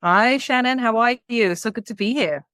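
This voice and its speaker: A woman's voice: a little high, normal speed, fairly bright tone, slight background noise. Enthusiastic, talkative woman coach. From United Kingdom. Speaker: leadership coach guest. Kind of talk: casual podcast interview.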